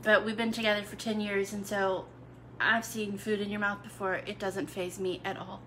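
A woman's voice: mid-range voice, flat delivery, normal speed, bright, forceful tone, a little hiss or hum. A young adult woman hosting a cooking video, chatting casually to her viewers with playful asides. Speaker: cooking channel host. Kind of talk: casual live video chat.

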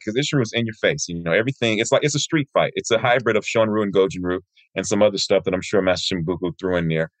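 A lower-pitched man in his fifties, a martial arts teacher from Michigan, tells long personal stories as a podcast guest. He slips into other people's voices when he quotes them. The recording is close and dry, with no room sound. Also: no room sound. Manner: lively storyteller who acts out quoted people. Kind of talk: interview guest storytelling.

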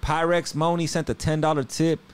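A man's voice: fairly high pitch, little pitch movement, fairly quick, smooth. A man hosting a live music review stream, joking around in loose, profane slang and thanking viewers for tips. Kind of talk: casual chat, reviewing submitted songs. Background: music playing.

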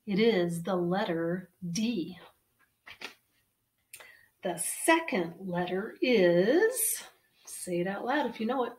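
A woman librarian leads a storytime, unhurried and enthusiastic as she coaxes children to call out answers. She reads with theatrical gasps at a relaxed, slow pace. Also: medium pitch, distant mic. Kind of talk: storytime read-aloud for children. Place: at home.

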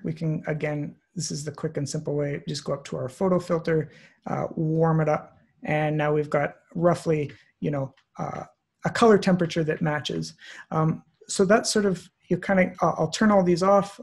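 A man walking through a photo compositing tutorial on screen, relaxed and thinking aloud with many fillers. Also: a little high, normal speed, vocal fry, husky. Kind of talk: screen-share software tutorial. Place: online presentation, recorded at his computer.

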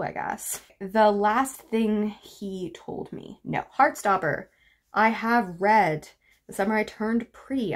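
Chatty, wry woman book vlogger. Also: medium pitch. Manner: chatty, rambling and wry, lists book titles. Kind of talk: casual chat to camera.

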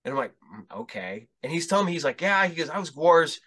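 A man's voice: on the high side, very fast, bright, forceful tone. A male podcast host telling rambling, profane stories in casual chat, acting out the dialogue as he goes.

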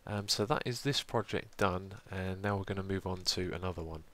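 A young man in groggy morning voice, calmly narrating his building work in a casual gameplay commentary with frequent ums. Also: low-pitched, fairly quick. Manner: steady, explanatory, frequent ums. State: groggy morning voice, deeper than usual. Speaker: let's play host.

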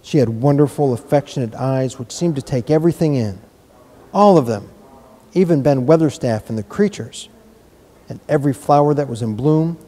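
A man reading a children's novel aloud in a measured, gentle storytelling manner. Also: mid-range voice. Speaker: reader.

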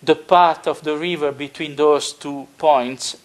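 Slow, hesitant man explaining a hobby build. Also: fairly high pitch, fairly even intonation. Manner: slow and deliberate, many filler pauses. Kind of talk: unscripted tutorial narration.

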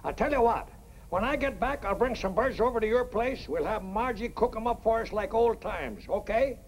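An actor playing a hearty, bluff middle-aged company boss in 1950s sitcom style. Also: male voice, sits high, animated, normal speed, slight background noise.

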